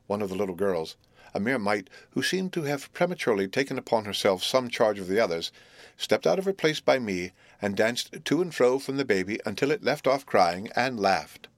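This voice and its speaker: Man, audiobook narrator, low voice, measured expressive storytelling, dry close recording. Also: dry recording. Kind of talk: scripted narration of a classic novel.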